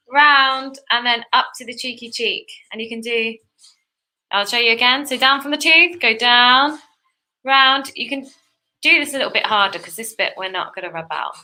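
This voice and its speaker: Bright-voiced woman teaching painting. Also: a little high. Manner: cheerful, chatty instructions. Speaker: painting instructor. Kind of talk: step-by-step art tutorial.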